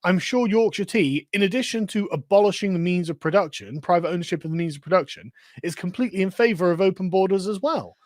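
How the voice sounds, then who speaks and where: A man delivering sarcastic online commentary in a played clip, firing off rhetorical questions. His voice sits high for a man. The recording is dry and close. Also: fast talker, hardly any pauses, dry recording.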